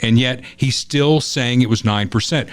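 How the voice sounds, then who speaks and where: A man's voice: mid-range voice, moderate pace, smooth, no room sound. A man hosting a political talk podcast, emphatic and opinionated in his commentary. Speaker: podcast host.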